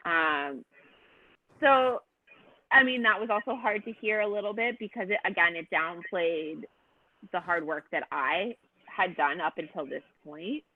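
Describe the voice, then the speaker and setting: A woman with a fairly low voice, speaking a little slowly, appears as a guest contestant on a podcast. She tells her story casually and animatedly, with lots of fillers. The audio is tinny and phone-like, with no room sound.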